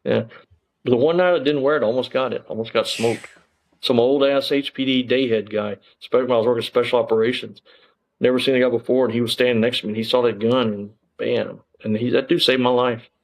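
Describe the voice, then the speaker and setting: A man's voice: medium pitch, fairly even intonation, brisk, rough recording. A man, a former police officer telling his story in a casual interview, rambling with lots of fillers and frank swearing.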